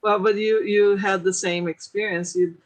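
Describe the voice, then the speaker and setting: A woman hosts a casual interview and asks her guest questions with clear enthusiasm. She often adds her own reflections, speaking at a middle pitch. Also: steady tone, normal speed. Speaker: host.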